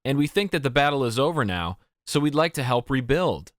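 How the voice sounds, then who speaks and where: A man's voice: mid-range voice, big pitch swings, brisk, no room sound, clean studio sound, pitched above the performer's own voice, natural voice. A man voicing an earnest, slightly awkward teenage boy in an audiobook.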